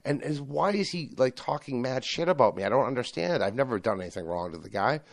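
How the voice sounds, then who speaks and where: Excitable swearing podcast host man. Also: medium pitch, fast talker, creaky, dry recording, studio quality. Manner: animated, excitable, swears a lot. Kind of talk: casual profane podcast banter.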